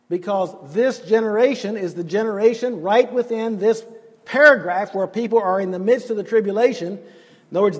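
Emphatic preacher, husky and high. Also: male voice, in a large hall. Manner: earnest, emphatic, acts out quotes. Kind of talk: sermon.

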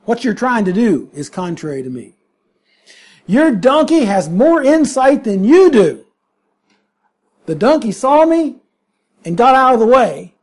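A man's voice: very high-pitched, sing-song, unhurried, long pauses, husky, pitched above the performer's own voice, full character voice. A preacher voicing a stern, displeased male angel within his sermon. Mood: scolding. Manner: stern, scolding.

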